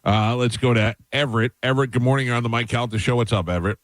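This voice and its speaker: A man's voice: medium pitch, steady tone, fast, no echo. A man in his fifties hosting a morning radio show, telling rambling, self-deprecating stories and reading ads live in a studio. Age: 50s. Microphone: studio microphone.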